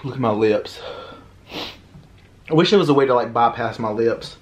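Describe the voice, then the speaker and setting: A man chatting casually to viewers in a mukbang, sighing and suffering from spicy food. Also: mid-range voice. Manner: chatty, drawn-out sighs, informal. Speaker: food vlogger.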